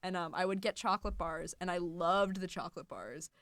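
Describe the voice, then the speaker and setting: A woman's voice: on the low side, fairly quick, fairly bright tone, no echo. A young woman co-hosting a college radio show, chatting casually and giggling, with lots of "like". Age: young adult. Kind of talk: casual chat. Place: studio.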